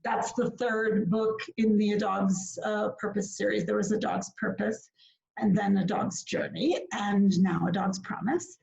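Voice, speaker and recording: A woman's voice: mid-range voice, little pitch movement, unhurried, vocal fry, darkish tone. A woman from Minnesota, a filmmaker guest, chatting casually with lots of fillers and laughter. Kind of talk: casual interview chat. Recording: echoey lo-fi video call audio.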